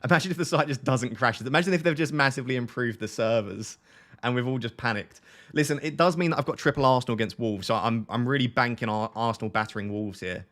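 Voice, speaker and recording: A man chatting excitedly on a live stream, often restarting his sentences while he clicks around. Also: mid-range voice, quick pace.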